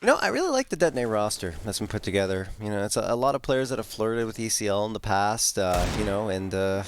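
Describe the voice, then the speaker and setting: A man's voice: fairly low pitch, lively intonation, fast. A male esports analyst talks through the match in a loose, chatty way, leaning on fillers as he goes. He speaks into a headset mic. Faint noise and occasional clicks sit underneath his voice. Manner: chatty and easygoing, full of fillers like you know. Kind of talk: live esports color commentary.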